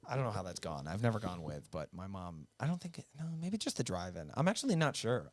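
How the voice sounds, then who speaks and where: A man's voice: lowish voice, no echo. Laid-back storytelling man, swears freely. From upstate New York. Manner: laughs often, swears freely, relaxed. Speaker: guest musician. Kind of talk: casual storytelling.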